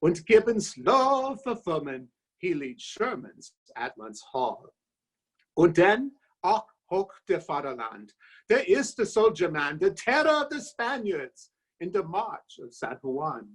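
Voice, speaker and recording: A man's voice: high voice, big pitch swings, slow pace, husky, pitched above the performer's own voice, full character voice, poor audio. A man reciting a rhymed comic toast in a put-on German accent, voicing a jolly, homesick exile in a hearty, sing-song way. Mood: boisterous.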